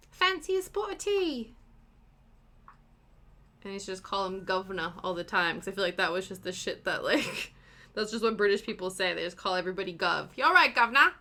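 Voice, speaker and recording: A woman's voice: medium pitch, fairly even intonation, racing, pushed and bright. A young woman, chatting casually with viewers while she stitches and sometimes counting stitches under her breath. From Canada. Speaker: cross-stitch streamer.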